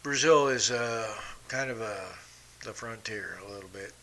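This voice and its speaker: The middle-aged host speaks in a fairly low, unhurried voice that still sounds pushed and bright. His casual podcast monologue is full of blunt, profane, combative storytelling.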